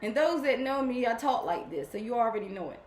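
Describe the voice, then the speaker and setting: A woman hosting a spiritual program, talking casually and warmly to her followers, often repeating herself as she rambles. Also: on the high side, lively intonation, fairly quick, echoey room, slight background noise.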